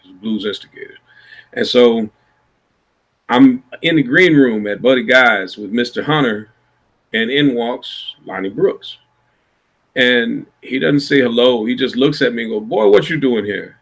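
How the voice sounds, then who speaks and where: A man from Iowa in the USA, a blues musician, rambles through relaxed stories during a video call. His voice is lowish and a bit bright.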